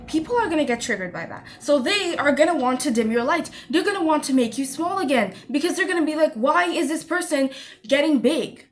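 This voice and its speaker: High-voiced woman giving an emphatic pep talk. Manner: emphatic, repeats lines, calls listener honey. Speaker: vlogger. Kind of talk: motivational pep talk to camera.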